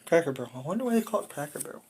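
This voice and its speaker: A woman's voice: sits low, expressive, rapid-fire, darkish tone, slight background noise. A woman chatting casually at home for a family vlog, rambling and joking as she goes. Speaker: family vlogger.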